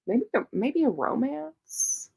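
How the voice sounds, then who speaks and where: Her voice sits high with big pitch swings, slow, creaky, dark in tone, and slightly rough. She's hosting a casual reading sprint livestream, reading viewer comments aloud, answering them, and telling rambling personal stories.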